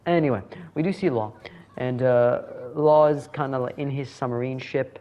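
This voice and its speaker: A man's voice: medium pitch, normal speed, dull audio. A man reviewing a manga chapter in casual solo commentary, rambling, correcting himself and chuckling as he goes.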